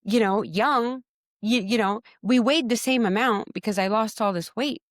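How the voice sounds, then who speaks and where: A woman tells a painful personal story as a podcast guest, her voice sitting a little high. She speaks with raw emotion, voicing her own past lines with force and stumbling over repeated words. The recording is close and dry, with no room sound. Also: moderate pace, dry recording. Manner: animated, acts out her own quotes with a raised voice.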